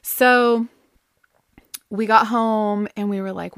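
A woman telling a personal family story in a chatty, animated way, full of fillers and quick laughs. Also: medium pitch, smooth, no echo, studio quality. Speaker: storyteller sharing a family anecdote; mother.

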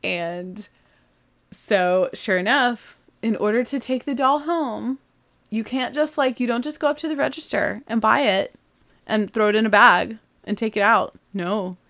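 Chatty mom telling a story. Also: female voice, a little high, unhurried, gravelly. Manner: animated, chatty, laughs while telling. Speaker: mother. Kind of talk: casual storytelling.

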